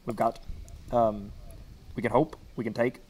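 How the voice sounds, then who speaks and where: A man doing a halting presidential impression. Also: mid-range voice, level tone, warm tone, husky, voice pushed down. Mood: halting, earnest. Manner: slow halting speech with pauses. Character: adult man impersonating a former president, halting.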